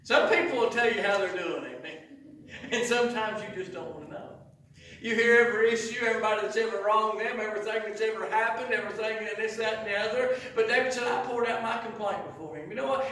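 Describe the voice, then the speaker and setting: A man preaching a sermon as pastor, rising to impassioned shouts and dropping low again. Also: fast talker. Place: church sanctuary. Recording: echoey church from far off.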